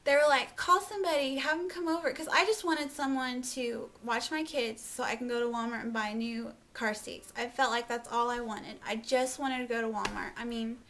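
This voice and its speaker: A woman's voice: on the high side, steady tone, moderate pace, few pauses, fairly bright tone, a little hiss or hum. A young woman at home telling an emotional personal story on camera, rambling with lots of "like" and laughing through tears. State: tearful. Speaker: vlogger.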